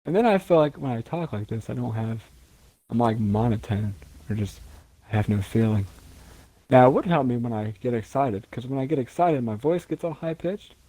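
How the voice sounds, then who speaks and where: A man who stutters and talks fast, co-hosting a casual podcast chat while he tries to slow his speech down. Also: medium pitch, warm tone, no room sound. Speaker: podcast co-host.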